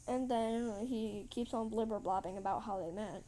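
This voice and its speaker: A woman's voice: on the high side, moderate pace, mellow, slight background noise, low-quality recording. A woman telling a made-up story casually while drawing, rambling with many restarts.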